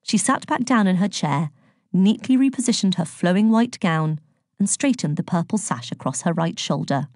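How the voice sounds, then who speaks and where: A woman's voice: fairly low pitch, lively intonation, moderate pace, darkish tone, no room sound, clean studio sound. A woman narrating a children's storybook aloud, reading expressively and giving each character a voice. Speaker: audiobook narrator.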